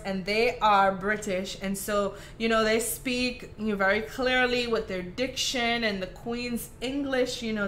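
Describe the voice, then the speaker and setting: A craft host with a Caribbean accent runs a live tutorial, chatty and affectionate toward her viewers. Her fairly high voice is a bit bright, with slight background noise.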